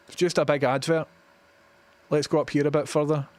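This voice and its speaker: A man's voice: a little high, flat delivery, brisk, a little mellow. A Glaswegian man chatting casually on a live stream, sweary and opinionated as he reads chat messages. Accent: Scottish, Glaswegian. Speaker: livestreamer.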